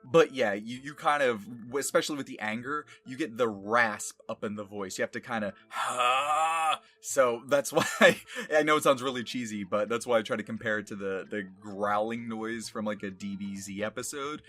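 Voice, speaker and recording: A man's voice: fairly low pitch, moderate pace, hardly any pauses, a bit bright, faint music behind. A young man casually explaining his voice acting work, chatty and laughing often. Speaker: voice actor.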